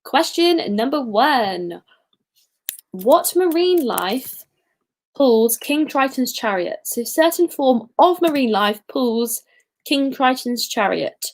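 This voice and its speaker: Young woman, quiz host, casual livestream chat, giggly, self-deprecating asides, slightly high voice. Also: expressive, takes it slowly.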